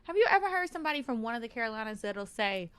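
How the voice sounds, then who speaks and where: A woman's voice: on the high side, very animated, rapid-fire, fairly bright tone, clean tone, no room sound. A woman with a Southern US accent co-hosting a casual podcast chat, blunt, swearing freely and laughing often. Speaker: co-host.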